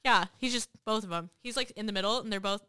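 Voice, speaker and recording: A woman chatting casually as a guest, telling lively stories and acting out what people said. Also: medium pitch, quick pace, clean tone, no echo, clean studio sound. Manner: lively storyteller, acts out quotes. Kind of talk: casual profane chat.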